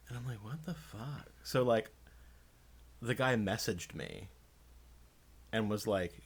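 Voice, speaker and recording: A man co-hosting a podcast, telling a story in a casual, profane, animated way and mimicking the people in it. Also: on the low side, measured pace, long pauses, breathy edge. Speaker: podcast co-host. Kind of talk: casual chat.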